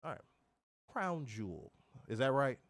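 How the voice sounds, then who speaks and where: A man co-hosting a casual review podcast, loud and profane, laughing often and swooping high when amused. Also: big pitch swings, measured pace, no room sound. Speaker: podcast co-host.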